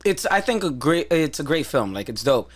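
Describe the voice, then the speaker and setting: A man's voice: fairly high pitch, sing-song, normal speed. A man hosting a casual podcast chat, slangy and profane, restarting sentences as he thinks.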